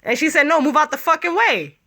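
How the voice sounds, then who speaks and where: A woman in her thirties hosting a casual radio talk show, telling stories in an animated, profane, laughing way. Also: sits high, brisk. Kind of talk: casual chat, storytelling.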